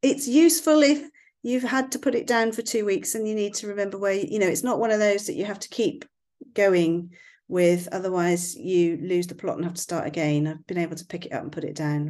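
West Country woman, somewhat low voice, thoughtful casual podcast talk. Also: fairly even intonation, fairly quick, darkish tone. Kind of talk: casual chat.

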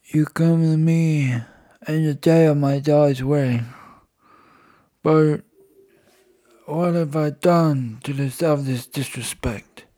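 A man's voice: a little high, fairly even intonation, dark tone, pitched above the performer's own voice. A man doing a grave mafia don. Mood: aggrieved. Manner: slow, mournful, drawn-out delivery. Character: aging mafia boss, grave and wounded.

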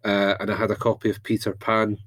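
A man's voice: lowish voice, monotone, fast talker, a bit bright, no echo. A man telling an anecdote in casual chat, often restarting his sentences.

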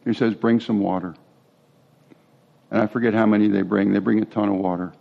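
Gravelly man preaching a casual sermon. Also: lowish voice, steady tone, brisk, dull audio. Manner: conversational preaching with asides and restarts. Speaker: pastor.

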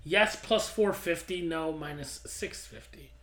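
A man's voice: on the high side, a little slow, fairly bright tone. A man co-hosting a podcast, reading betting odds aloud in an offhand, joking way. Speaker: podcast co-host. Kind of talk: casual chat. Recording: roomy echo.

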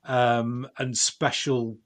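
A man's voice: mid-range voice, flat delivery, drawn-out words. Jokey male podcast host. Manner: jokey and enthusiastic. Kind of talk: casual podcast conversation.

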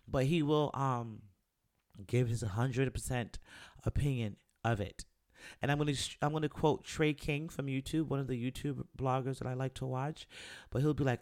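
A man who makes music speaks casually in a monologue. He is candid and animated, swears freely, and acts out things his friends said. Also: medium pitch. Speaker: musician, rapper.

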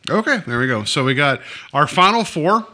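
A man hosting a podcast, telling a story in animated, playful casual chat. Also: a little high, moderate pace. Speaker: podcast host.

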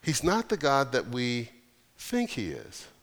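A male pastor preaching an earnest, emphatic sermon with deliberate pauses. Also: medium pitch, wildly swooping pitch, fairly bright tone, long reverb tail.

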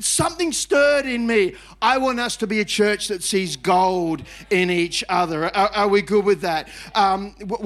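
A middle-aged man preaching a lively sermon as pastor, emphatic and chatty, with repeated phrases and self-mocking asides. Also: high voice. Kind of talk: energetic sermon.

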